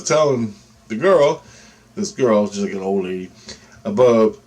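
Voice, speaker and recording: A man's voice: fairly low pitch, normal speed. A man casually telling a personal story, rambling with restarts and acting out other people's quoted lines. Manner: rambling, animated, acts out quotes with fillers and restarts. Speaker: vlogger telling personal experiences.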